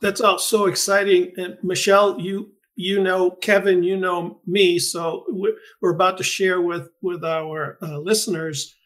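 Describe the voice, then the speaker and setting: A man's voice: high-pitched, flat delivery, a little slow, few pauses, a bit bright. A middle-aged man hosting an interview podcast, speaking thoughtfully with frequent restarts and fillers. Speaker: podcast host and greenhouse researcher. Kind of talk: conversational interview.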